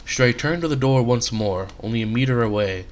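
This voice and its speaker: A man reading aloud his own short story, in a relaxed, conversational storytelling manner. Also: medium pitch, a little fast, slight background noise.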